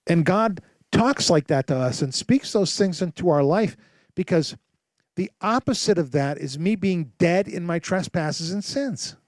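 A man preaching a sermon as pastor, telling stories with lively acted-out voices and asking rhetorical questions. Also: fairly high pitch, no echo. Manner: animated storytelling with rhetorical questions; acts out voices and sounds in his stories.

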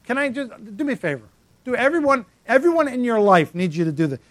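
A man's voice: very high voice, sing-song, fast, dry recording. A man preaching a sermon as pastor, emphatic and repetitive, calling out congregants by name.

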